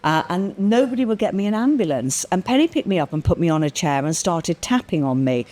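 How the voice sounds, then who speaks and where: Her lowish voice moves briskly as she, a guest on a podcast, shares a personal story with lively flair. Quotes get acted out, and she swears casually.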